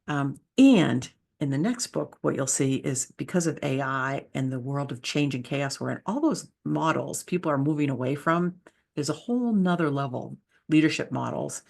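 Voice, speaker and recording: A woman's voice: deep voice, vocal fry. A woman who is a leadership speaker and author, giving an enthusiastic, conversational presentation with slides.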